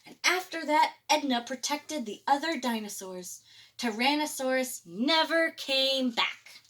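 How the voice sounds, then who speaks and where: Librarian lady reading to kids, slow and bright, a bit high, chuckles along. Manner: expressive, chuckling between pages. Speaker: children's librarian. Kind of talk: reading a picture book aloud.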